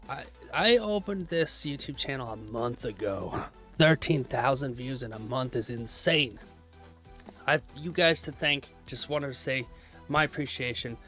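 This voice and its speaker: A man's voice: a little high, fairly bright tone. A young American man streaming live while day trading, rambling casually and greeting viewers by name. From United States. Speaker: livestream day trader.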